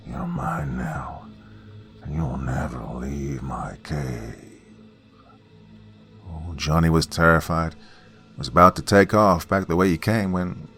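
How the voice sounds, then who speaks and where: Very deep-voiced man telling campfire horror. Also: vocal fry, a bit bright. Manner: dramatic, folksy, dropping to whispers for suspense. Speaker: horror story narrator.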